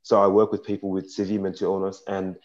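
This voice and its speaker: A young man on a discussion panel, telling his personal story in a frank and earnest way that turns halting and emotional in places. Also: low voice, completely flat delivery, a little mellow. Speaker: panel speaker. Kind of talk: personal testimony at a panel talk. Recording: dull lo-fi sound.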